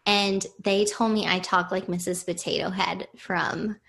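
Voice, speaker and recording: A female guest on a relaxed podcast, her pitch at an ordinary middle height. She tells a story with lively energy. She laughs between her lines as she goes. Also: a little slow, vocal fry. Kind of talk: casual podcast chat.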